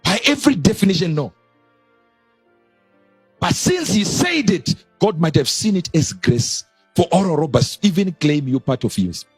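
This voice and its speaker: A male preacher delivering a sermon in an animated way, leaping to high exclamations and dropping low again, with a husky voice. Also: moderate pace, no room sound, faint music behind.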